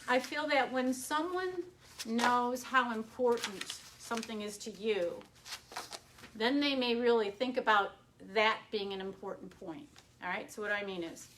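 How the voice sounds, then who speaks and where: A woman's voice: on the high side, a bit bright. A middle-aged woman veterinarian talking casually and directly on a live stream, telling case stories with occasional fillers. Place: home or office, streaming live.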